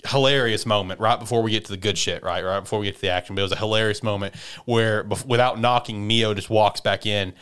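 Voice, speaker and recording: A man's voice: on the low side, fairly even intonation, quick pace, fairly bright tone, clean tone. A man casually recapping a story, rambling with lots of "you know" and "like". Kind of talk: casual chat.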